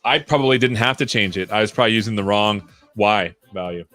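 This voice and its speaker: A man's voice: lowish voice, fast, fairly bright tone, faint music behind. A man hosting a live coding stream, explaining as he thinks aloud and often checking in with "right?". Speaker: livestream coding host.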